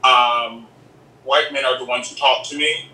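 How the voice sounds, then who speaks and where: A man speaking as an interview guest in a casual, sassy, animated chat, calling the listener "girl". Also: medium pitch, measured pace. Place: home in Los Angeles. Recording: echoey room, distant from the mic.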